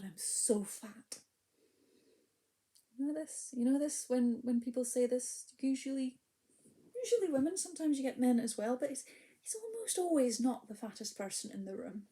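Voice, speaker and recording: A woman's voice: fairly high pitch, mellow. A woman, a spoken word poet talking chattily before reading, dropping into whispered asides, heard over a video call.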